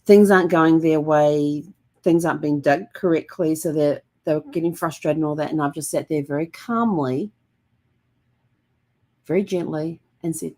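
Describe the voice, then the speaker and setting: Low-voiced woman, gentle rambling vlog. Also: normal speed. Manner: gentle and calm, rambling with many fillers. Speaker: host. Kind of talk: casual reflective vlog.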